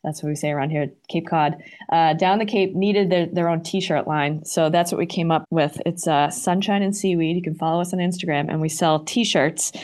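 A woman with a Boston accent, talking as a podcast guest in a chatty, animated way full of fillers. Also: low-pitched, normal speed. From Boston, USA. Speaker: guest, arena marketing director. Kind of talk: casual podcast chat.

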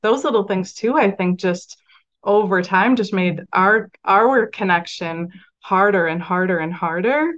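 A woman's voice: medium pitch, unhurried, a bit bright, lo-fi sound. A woman who works as a mindset coach for parents, talking in a chatty, reflective way with many fillers. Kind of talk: casual interview conversation.

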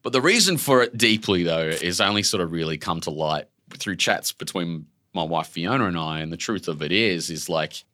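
Man, 40s, Australian accent, deep voice, forceful bright tone, lively storyteller, says "like" a lot, casual swearing. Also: normal speed, few pauses. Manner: expressive, fills speech with "like", swears casually. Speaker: author guest. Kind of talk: animated conversational storytelling.

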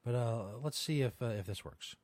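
A man hosts a casual podcast, laughing at his own jokes and dropping swear words as he reads out strange news. His voice sits at an ordinary middle pitch. The sound is dry and close, with almost no room echo. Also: expressive, normal speed, darkish tone. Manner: laughs often, swears, rambling asides. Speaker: podcast host. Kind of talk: casual chat reading odd news.

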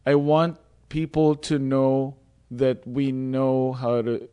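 A man's voice: medium pitch, little pitch movement, slow pace, warm tone, smooth, dry recording, highs cut off. A man from the Philippines with a Filipino accent, speaking English as a second language, chatting casually as a guest with many restarts and laughs. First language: not English. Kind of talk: casual chat.

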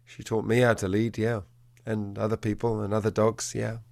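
A man, a dog trainer, telling a story in an animated way and acting out the quotes in a changing voice. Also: on the low side, moderate pace, gravelly, no room sound, studio quality. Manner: animated, acts out quotes in a shifting voice. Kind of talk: conversational storytelling.

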